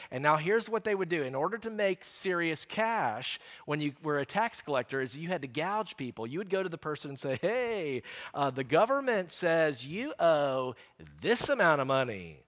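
A man preaching a sermon, lively and animated, acting out the people in the story. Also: on the high side, normal speed. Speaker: pastor.

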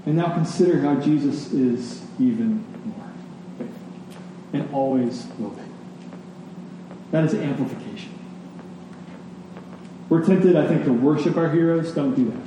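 A man's voice: fairly high pitch, unhurried, long pauses, mellow, slight background noise. A man preaching a sermon as a pastor, emphatic and rhythmic, leaning on key words. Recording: echoey hall, distant mic.

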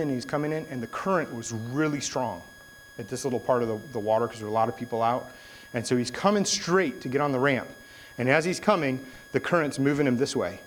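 A man's voice: mid-range voice, a little hiss or hum, poor audio. A young adult man giving a sermon, telling a story in a casual way and then turning it into an earnest exhortation. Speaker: preacher.

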